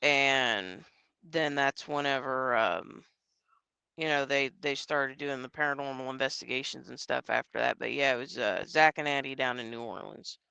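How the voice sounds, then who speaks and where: A man's voice: medium pitch, normal speed, creaky, pushed and bright, clear, resonant tone, no echo. A man, a psychic medium guest, telling a story in a casual, rambling way, with lots of fillers and quoted dialogue.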